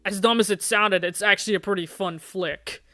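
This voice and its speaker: Game streamer, live playthrough, animated, laughs a lot, dry close recording. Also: medium pitch, moderate pace, no room sound. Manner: animated, jokey, laughs often. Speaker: streamer playing a dating game.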